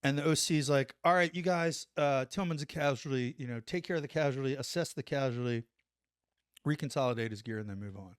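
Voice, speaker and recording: A middle-aged man and former soldier telling a story on a podcast, animated, acting out what people said and saying "like" often. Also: medium pitch, brisk, clean tone, dry recording, studio quality. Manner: animated, acts out quotes, says "like" a lot. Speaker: podcast guest, former Army Ranger. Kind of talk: casual storytelling.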